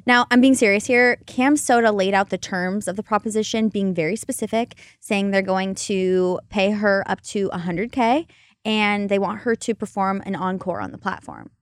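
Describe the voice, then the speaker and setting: A woman's voice: medium pitch, moderate pace, no echo, studio quality. A woman co-hosting a casual entertainment news chat, chatty and joking as she runs through stories. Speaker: co-host.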